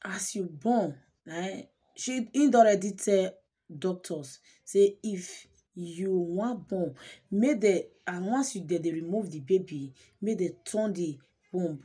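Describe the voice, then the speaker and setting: Husky Nigerian woman telling a story. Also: lowish voice, takes it slowly, mellow. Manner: emotive, repeats words for emphasis, mixes Pidgin and English. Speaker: channel host. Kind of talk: casual storytelling vlog.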